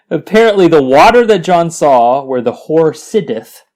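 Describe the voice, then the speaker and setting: A man's voice: a little high, sing-song, unhurried, darkish tone. A man co-hosting a podcast, reading scripture aloud and mocking it with crude jokes and frequent laughter. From Las Vegas. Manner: crude jokey, laughs often. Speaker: podcast co-host. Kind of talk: irreverent comedic scripture reading.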